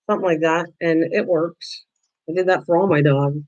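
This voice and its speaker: A woman's voice: sits low, steady tone, normal speed, a little mellow, rough recording. An older woman hosting a craft livestream, chatting casually with viewers while she works and often restarting her sentences. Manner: chatty, answers viewers by name, frequent restarts.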